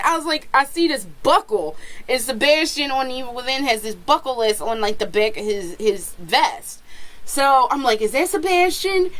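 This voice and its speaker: A young woman from Florida vlogging at home about video games, swearing freely in slang and breaking into screams of joy. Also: fairly high pitch. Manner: profane, slangy, bursts into screams of excitement. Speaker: gaming vlogger. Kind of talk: excited casual vlog rant.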